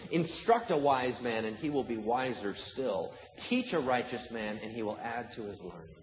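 A male pastor preaching a sermon with humor, acting out little dialogues as he speaks. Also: fairly high pitch. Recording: echoey hall, dull sound, faint noise.

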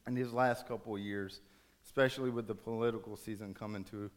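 A man's voice: lowish voice, fairly even intonation, brisk. Man preaching a dramatic sermon. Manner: dramatic storytelling, swinging from raised urgent passages to hushed soft ones.

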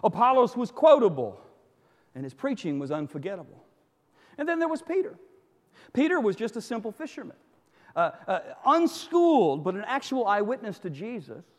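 Male pastor, high-pitched and animated, sermon with joking stories, hall echo. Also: moderate pace. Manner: animated storytelling with joking asides.

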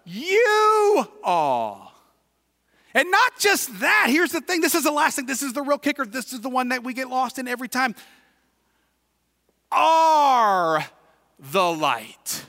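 High, bright-voiced Midwestern pastor preaching. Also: male voice, fast talker, creaky, few pauses. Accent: Midwestern American. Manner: builds from quiet reflection to shouted emphasis. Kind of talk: sermon. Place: church sanctuary. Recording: reverberant hall, distant at times.

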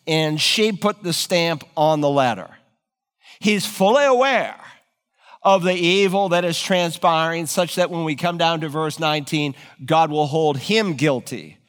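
A man preaching a sermon, retelling scripture with animated, dramatic storytelling in a church. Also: high voice, long reverb tail. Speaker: pastor.

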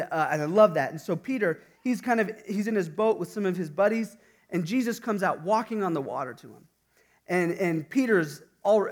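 High-voiced man giving a casual sermon. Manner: conversational, informal with fillers. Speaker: preacher.

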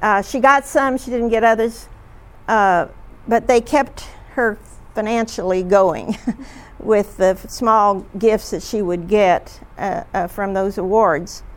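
A woman leading a group discussion, retelling stories in a chatty, halting way with frequent fillers. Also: mid-range voice, fairly even intonation. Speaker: discussion leader.

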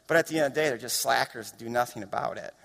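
A man preaching a sermon as pastor, storytelling and building to impassioned shouts. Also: medium pitch, very fast, gravelly. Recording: long reverb of a large hall.

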